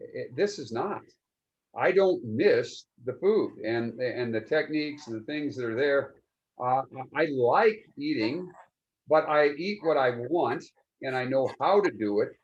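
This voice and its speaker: A man's voice: medium pitch, dull audio. Older man, earnest and rambling. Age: 70s. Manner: earnest, rambling, with many repeated starts. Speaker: client giving a testimonial. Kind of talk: casual interview.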